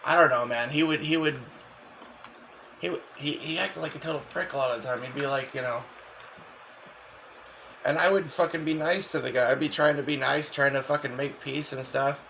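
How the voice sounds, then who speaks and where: A man in a casual rambling monologue, profane and halting, full of restarts and fillers. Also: on the high side, vocal fry, pushed and bright, slight background noise, rough recording. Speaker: channel host.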